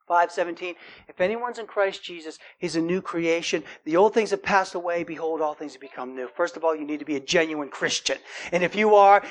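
Male preacher, casual sermon delivery, frequent "right?", earnest when quoting scripture. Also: sits high. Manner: conversational, keeps asking "right?".

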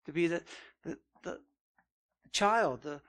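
A man's voice: a little high, lively intonation, slow pace, fairly bright tone. A man preaching an expository Bible lesson, earnest and conversational, who keeps saying "man" and "right?" and rises in force on his emphatic points.

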